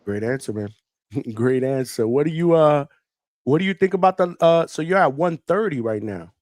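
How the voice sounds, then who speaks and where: A man hosting a live call-in show, upbeat, laughing easily and quick with short affirmations. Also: on the high side, expressive, a little mellow, dry recording. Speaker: host.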